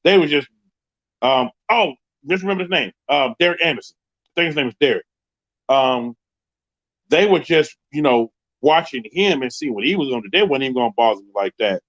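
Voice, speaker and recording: Animated New man telling a story. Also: medium pitch, a little fast, no room sound, lo-fi sound. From Queens, New York. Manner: animated, acts out the voices of people in his story. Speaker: live show host telling a story. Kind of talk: casual storytelling on a livestream.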